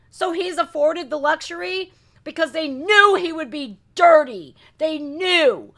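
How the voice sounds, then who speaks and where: A woman's voice: high voice, fairly bright tone. A woman hosting a live reaction stream, ranting indignantly with swearing and rhetorical questions. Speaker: reaction channel host. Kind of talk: heated live commentary.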